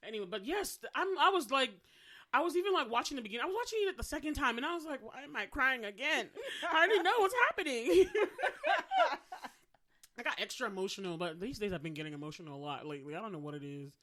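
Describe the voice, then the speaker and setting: A young adult woman co-hosting a podcast in casual chat, playful and quick to laugh. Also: fairly high pitch, big pitch swings, bright, forceful tone. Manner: playful, bursts into song, laughs often. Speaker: podcast co-host.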